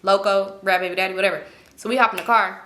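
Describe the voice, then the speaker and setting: A young woman vlogger telling a story to her viewers in an animated, slangy, profane way. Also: medium pitch, quick pace, slight background noise. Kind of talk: storytime vlog.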